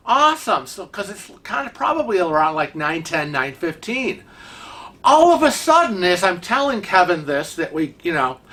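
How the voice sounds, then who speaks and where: A bright, crisp voice tells a travel story to the camera in a loose, conversational way. The speaker gets indignant and animated, with restarts and repeated phrases. The pitch sits in a middle range. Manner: seated in a wheelchair while talking. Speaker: vlog host telling a travel story. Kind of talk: casual storytelling vlog.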